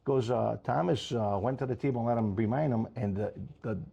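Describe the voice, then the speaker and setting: A man who owns a restaurant, telling a story in casual chat with animated, profane, fiery energy. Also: mid-range voice, a little fast, vocal fry, slightly rough, dull audio. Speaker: restaurant owner.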